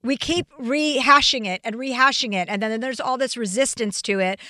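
A woman hosting a podcast in casual chat, blunt and profane, talking fast and freely. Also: a little high, pushed and bright, no echo. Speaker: podcast host.

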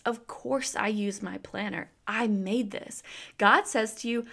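A woman in her thirties, a faith speaker and business owner, telling a chatty personal story full of fillers that turns into an earnest, slow devotional message. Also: fairly high pitch, a bit bright.

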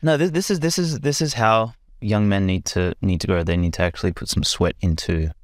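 A man's voice: fairly low pitch, brisk, no room sound, studio quality. A man talking as a podcast guest in a loose, rambling way, with many restarts and casual swearing.

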